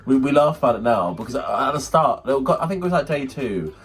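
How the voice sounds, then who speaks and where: Young man, lively pitch, casual podcast chat. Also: a little fast, breathy edge. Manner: animated storyteller, acts out friends in squeaky voices. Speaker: podcast co-host.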